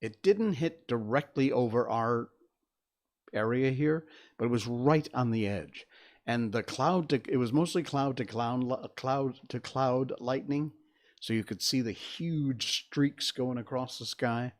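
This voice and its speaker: A man's voice: mid-range voice, lively intonation, measured pace. An older man from Connecticut, hosting a casual solo livestream from his home studio, chatty and rambling with frequent fillers and restarts. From Connecticut, USA. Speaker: livestream host.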